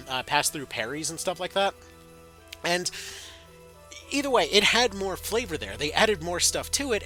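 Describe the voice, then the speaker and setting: Bright-voiced man rambling through game news. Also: fairly high pitch. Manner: rambling, filler-heavy, sardonic. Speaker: gaming video host. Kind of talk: casual commentary video.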